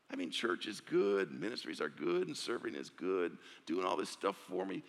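A man's voice: sits low, sing-song, fairly quick, gravelly, hardly any pauses. A male pastor preaching an earnest, conversational sermon in a church. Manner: earnest, conversational, with restarts and soft drops. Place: church sanctuary. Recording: echoey church sanctuary.

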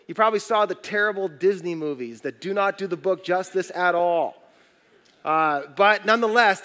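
A man's voice: sits high, fairly bright tone. A middle-aged male pastor giving a conversational sermon in a church, asking the congregation questions. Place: church auditorium. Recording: long reverb of a large hall.

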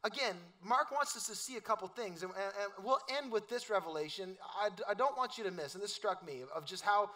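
High bright-voiced pastor. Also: male voice, fairly quick, hardly any pauses. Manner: casual, joking, storytelling with quoted voices. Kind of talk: sermon.

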